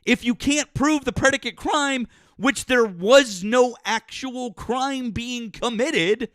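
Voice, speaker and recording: A man with a very high-pitched, slow, slightly bright voice hosts a political call-in stream, recorded cleanly in a studio with no room sound. His throat sounds sore as he argues hard with a caller in heated live debate, swearing combatively and talking over the people who call in.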